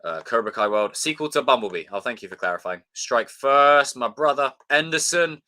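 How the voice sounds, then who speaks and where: A young man hosts a live stream in a bright, forceful voice, talking loosely and swearing freely. He runs through thanks to viewers by name in an easy, offhand chat. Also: medium pitch, lively intonation, normal speed. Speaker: livestream host.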